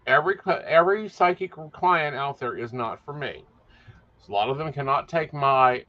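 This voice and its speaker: A man talks in a mid-range voice on a casual podcast. He's blunt and profane and doesn't soften anything. The audio sounds muffled and lo-fi. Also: medium pitch, expressive, normal speed. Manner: blunt, profane, plain-spoken. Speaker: psychic and podcast co-host. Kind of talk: casual chat.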